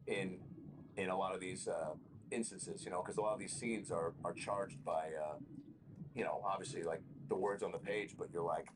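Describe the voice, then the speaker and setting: A comedian and actor sits for a casual interview as a guest, telling rambling, profane stories in an animated way. He has a low voice and talks at normal speed against a noisy background.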